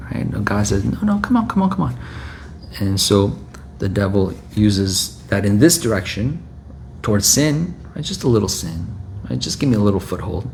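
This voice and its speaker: A man's voice: on the low side, a little hiss or hum. A male preacher delivering an exhorting sermon, repeating phrases and often checking with a "right?".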